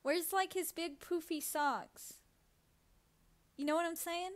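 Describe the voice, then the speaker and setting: A woman's voice: very high-pitched, takes it slowly. A woman co-hosting a casual live stream, giggly and teasing, laughing often. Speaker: co-host reading chat questions.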